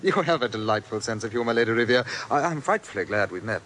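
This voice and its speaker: An actor playing a bored, suave English lord who talks in a languid drawl, in 1940s radio acting. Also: male voice, medium pitch, expressive, fast talker, a bit bright, a little hiss or hum, lightly acted, poor audio. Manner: languid, drawling, upper-class.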